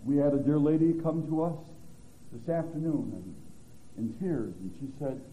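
A man preaching a sermon as a pastor, swinging from loud to hushed. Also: on the high side, moderate pace, slight background noise. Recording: tinny phone-like recording.

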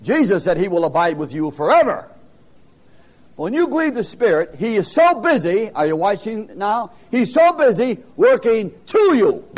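Man preaching, high voice that leaps all over, emphatic, muffled old recording. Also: big pitch swings, moderate pace, darkish tone. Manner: emphatic, calls out questions to the congregation. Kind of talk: sermon. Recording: dull lo-fi sermon recording.

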